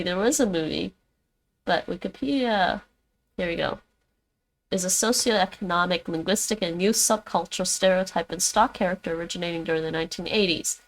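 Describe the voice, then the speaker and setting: A woman whose first language is Dutch, chatting casually with her livestream viewers while she studies languages, often addressing them by name and reading text aloud. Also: on the low side. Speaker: streamer learning languages.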